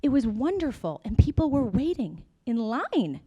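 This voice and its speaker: A woman's voice: fairly high pitch, sing-song, normal speed, mellow, husky, highs cut off. A woman in her forties giving a conference keynote, telling her story in a chatty way with sarcastic asides to the audience. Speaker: company founder giving a keynote. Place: conference stage before an audience.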